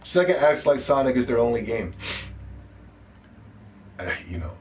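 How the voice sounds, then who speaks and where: A young man hosting a live gaming stream, ranting casually and playfully with lots of swearing and bursts of shouting. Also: medium pitch, normal speed, slight background noise. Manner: animated, profane, playful shouting.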